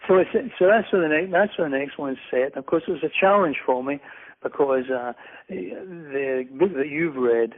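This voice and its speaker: This middle-aged Scotsman has a fairly high voice and speaks at normal speed as a guest author in a casual interview. His rambling, self-deprecating talk is full of restarts, heard through phone-like narrow audio.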